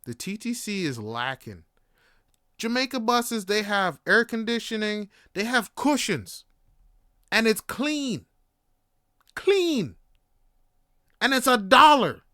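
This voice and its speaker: A man's voice: high-pitched, sing-song, slow, pauses often, sharp tone, no room sound, studio quality. A young man from Canada hosting a podcast, talking in a laid-back, rambling way full of fillers and swearing. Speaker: podcast host. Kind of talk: casual monologue.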